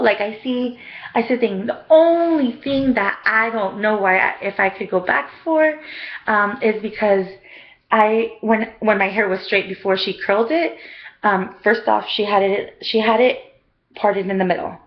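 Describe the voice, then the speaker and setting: A woman's voice: mid-range voice, normal speed, dull audio. A young woman casually telling a rambling story for her vlog, full of "like" and "um". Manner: chatty, rambling, lots of "like" and "um". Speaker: vlogger.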